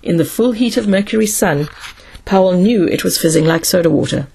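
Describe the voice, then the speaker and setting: A woman narrating a science fiction audiobook with steady storytelling. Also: on the low side, brisk, creaky, breathy edge.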